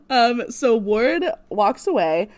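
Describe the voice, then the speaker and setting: A woman co-hosting a podcast, recapping casually in an animated way that keeps breaking into laughter and acting out characters' lines. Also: on the high side. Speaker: podcast co-host.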